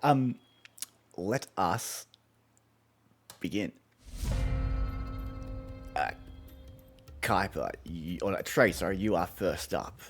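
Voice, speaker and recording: Low-voiced rambling game master. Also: male voice, expressive, takes it slowly, long pauses, faint music behind. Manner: rambling, many ums, chatty. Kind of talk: narrating a tabletop game on stream.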